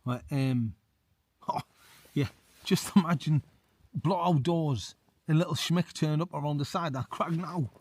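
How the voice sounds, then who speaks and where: A man's voice: a little high, measured pace, pauses often, darkish tone, no room sound. A man, an ex-soldier and outdoor vlogger, reads a folk tale aloud at a winter wild camp with matey commentary. He is cold. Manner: matey, says mate a lot.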